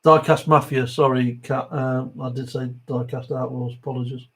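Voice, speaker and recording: A husky, medium-pitched man speaks at normal speed in a level tone. He's middle-aged, from the English Midlands, and has an East Midlands accent. As host of a diecast model livestream, he's chatty and matey, laughing softly between the viewer comments he reads out.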